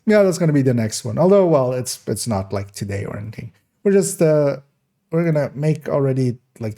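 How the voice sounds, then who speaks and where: A man in casual live-stream commentary, thinking aloud at an unhurried pace as he works through numbers. His voice is gravelly with vocal fry and has a dark, mellow tone, often trailing off into hesitant fillers. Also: mid-range voice. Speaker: game streamer.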